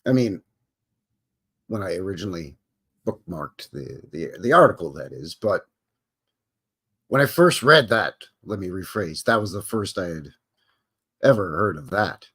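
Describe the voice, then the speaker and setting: Man, livestream host, reads aloud then rambles, animated up-and-down pitch, lots of uh and you know. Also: a little slow, long pauses, breathy edge. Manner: casual, rambling asides with frequent fillers. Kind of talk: reading aloud and commenting on a livestream.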